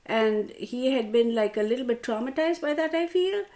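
A woman's voice: on the high side, lively intonation, moderate pace, darkish tone. A woman tarot reader telling a rambling story straight to her viewers, calling them y'all.

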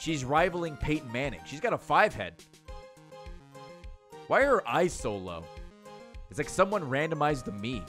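A man commentating on a video game he is playing, joking, excitable and often swearing. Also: on the high side, normal speed, long pauses, faint music behind. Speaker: let's play host. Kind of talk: gameplay commentary.

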